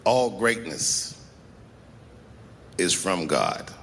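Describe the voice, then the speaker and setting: A man opening a stand-up set with a slow, measured delivery. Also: low-pitched, very animated, gravelly, fairly bright tone, a little hiss or hum.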